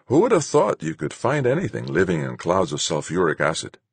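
A man voicing a laid-back male crew member who talks in a slow drawl. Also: low-pitched, wildly swooping pitch, vocal fry, breathy edge, dry recording, full character voice. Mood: wry.

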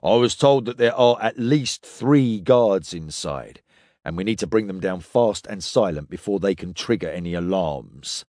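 A man reading a story, voicing Mokul, a calm, scheming male guide who speaks in a measured way. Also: low-pitched, no echo, studio quality, voice pushed down.

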